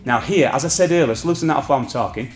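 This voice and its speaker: A man's voice: medium pitch, rapid-fire, roomy sound, soft background music. Man teaching a grappling hold. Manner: explanatory, keeps checking with "okay?" and "all right?". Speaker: martial arts instructor. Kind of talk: demonstrating a technique on a partner.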